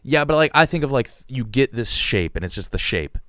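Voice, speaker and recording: A man's voice: mid-range voice, very animated, a little fast, a bit bright, no room sound. A man from West Virginia co-hosting a sports podcast, playful and teasing in casual studio chat. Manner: playful, teasing, laid-back. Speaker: podcast co-host.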